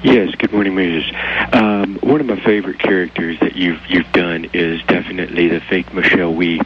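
Deep-voiced male caller. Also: fairly even intonation, moderate pace. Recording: dull phone-in audio, faint hum.

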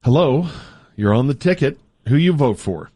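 A man hosting a sports radio call-in show, brisk and amused as he takes callers. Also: medium pitch, animated, warm tone. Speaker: radio host.

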